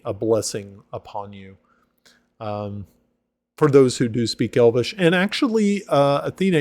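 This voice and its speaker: A man's voice: mid-range voice, a little mellow, no echo. A man narrating as game master of a tabletop game, hesitant, with many fillers.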